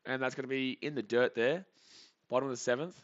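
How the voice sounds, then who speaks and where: A young man hosting a live baseball reaction stream, calling the plays casually and reading out chat messages with bursts of excitement. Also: mid-range voice, fairly quick, dull audio. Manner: casual chatty commentary, reads chat aloud, excitable.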